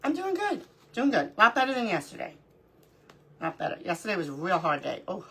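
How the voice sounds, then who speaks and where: A woman's voice: medium pitch, huge pitch swings, fairly quick, creaky, a bit bright, husky. A middle-aged woman hosting a live crafting stream, chatting casually, greeting viewers by name and talking to herself as she works. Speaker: livestream crafting host.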